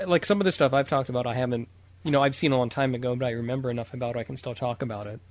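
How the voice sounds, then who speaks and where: A man hosting a podcast in a relaxed, easygoing way, with frequent fillers and hesitations. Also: mid-range voice, racing. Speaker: podcast host. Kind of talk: casual podcast chat.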